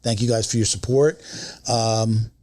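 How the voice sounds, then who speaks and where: A man's voice: on the low side, flat delivery, unhurried, a little mellow, dry recording, studio quality. A man hosting a podcast in casual chat, rambling and laughing easily. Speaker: podcast host.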